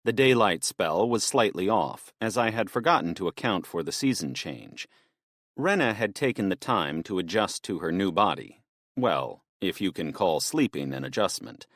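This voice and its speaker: A man with a low voice narrates a fantasy audiobook in the first person, his pitch moving a lot as he reads. The sound is close and dry. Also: big pitch swings, normal speed, a bit bright, no room sound.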